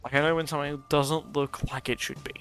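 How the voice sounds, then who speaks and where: A man's voice: on the high side, fairly even intonation, a little fast, fairly bright tone. Rambling, profane young man. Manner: rambling and profane, many fillers. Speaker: streamer. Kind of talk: casual storytelling while gaming. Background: faint music.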